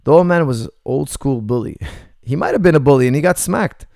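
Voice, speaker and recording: Male coach hosting a chat Q&A; gravelly voice, blunt and joking, dry close sound. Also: medium pitch, brisk, darkish tone, no echo. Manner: blunt, joking, laughs often. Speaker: martial arts coach hosting a Q&A. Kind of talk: casual livestream Q&A, reading chat messages.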